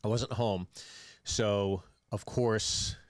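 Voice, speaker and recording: Man, 40s, podcast co-host, low voice, dry studio sound, easygoing anecdotes. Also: very slow, no echo. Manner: relaxed anecdotal, laughs at own stories. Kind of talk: casual chat.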